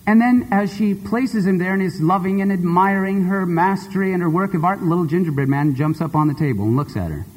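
A male preacher giving a sermon and telling a story in an expressive, conversational way. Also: high-pitched, fairly quick, hardly any pauses, slightly rough. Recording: long hall reverb.

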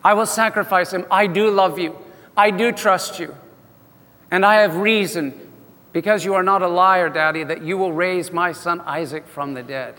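A preacher puts on an old patriarch torn with anguish, pleading with God in a raised, bright, strained voice. The sound rings out into a long hall reverb. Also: male voice, moderate pace. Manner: earnest, pleading, voice rising high.

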